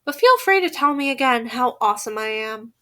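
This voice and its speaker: A woman's voice: high-pitched, lively intonation, brisk, pushed and bright. A woman reading the lines of a cheeky teenage boy who is a loyal friend, in a dry, teasing way.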